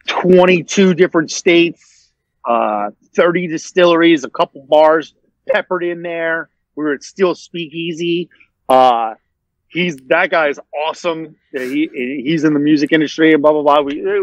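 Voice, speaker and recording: Podcast guest, male, casual rambling storyteller, fairly high voice, dull dry recording. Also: dry recording. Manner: rambling, many fillers and restarts. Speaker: interview guest.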